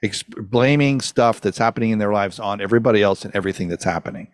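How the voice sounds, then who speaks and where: A man's voice: fairly low pitch, fast talker, no echo. A man who is a guest on an interview, explaining an idea in a confident, emphatic way. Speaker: guest, hypnotherapist. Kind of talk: conversational interview.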